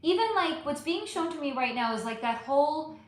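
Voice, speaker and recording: A chatty woman hosting a livestream, talking through viewer comments with lots of fillers and restarts. Her voice sits a bit high, and the room around her is very echoey. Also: animated, a little fast. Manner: chatty, rambling, frequent fillers. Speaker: livestream host. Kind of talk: casual livestream chat answering viewer comments.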